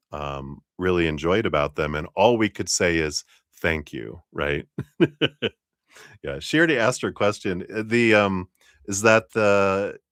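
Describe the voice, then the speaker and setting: A man's voice: deep voice, a bit bright, clean tone, no echo, clean studio sound. A man hosting a live-stream tarot reading, chatty and laughing often as he talks to viewers by name. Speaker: tarot reader.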